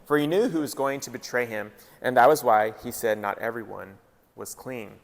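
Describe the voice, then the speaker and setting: A man's voice: mid-range voice, normal speed, creaky. Man preaching casually in a reverberant hall. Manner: casual, joking preaching with lively retellings. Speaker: pastor. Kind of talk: sermon. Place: large hall.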